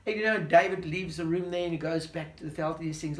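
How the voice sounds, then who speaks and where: Brief: a storyteller man retelling a Bible tale for kids, animated, asks questions, roomy sound. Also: on the high side, quick pace, hardly any pauses. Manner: animated, questioning, talks to a listener. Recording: roomy echo.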